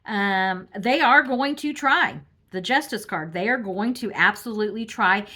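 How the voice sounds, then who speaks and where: A woman's voice: mid-range voice, measured pace, sharp tone. A woman reading tarot cards on camera, talking casually in a snarky, laughing way, with frequent ums and restarts. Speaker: tarot reader. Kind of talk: casual political tarot commentary.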